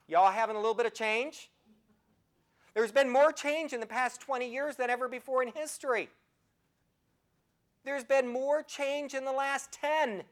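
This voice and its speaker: This health talk comes from a woman in her sixties, a professor of nursing, whose voice sits on the high side. She tells stories with animation and questions her listeners head-on.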